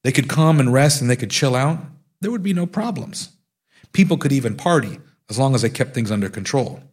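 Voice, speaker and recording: A man's voice: mid-range voice, lively intonation, brisk, breathy edge, pitched above the performer's own voice. A man voicing a brash, tough male gang smuggler who talks in slangy street speech. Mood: earnest. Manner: slangy street talk, boastful.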